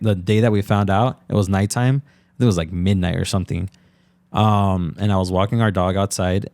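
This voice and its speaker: Man, podcast guest, low pitch, dry sound, earnest, halting, emotional. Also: darkish tone, no echo. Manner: earnest, halting, heavy on fillers. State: emotional, close to tears. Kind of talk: casual interview conversation.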